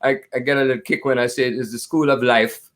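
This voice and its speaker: An older man from Jamaica with a Jamaican accent, a jazz pianist telling stories of his life as an interview guest, with good humor and slow, drawn-out phrasing. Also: mid-range voice, level tone. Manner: warm-humored, laughs often, drawn-out phrasing. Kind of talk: storytelling in conversation.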